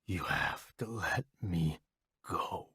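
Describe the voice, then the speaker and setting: A man voicing a dying young soldier who begs in a weak, slow, pleading voice. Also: mid-range voice, lively intonation, vocal fry, slightly rough, no room sound, clean studio sound, voice pushed up, exaggerated voice. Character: dying young male soldier, begging and fading.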